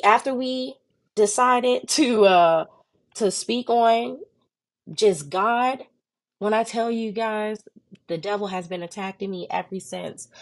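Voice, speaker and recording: A young woman co-hosting a faith podcast, telling her story in an animated way and jumping into high voices when she quotes people, sounding tired and worn down. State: tired and under the weather. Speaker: podcast co-host. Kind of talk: casual faith podcast chat.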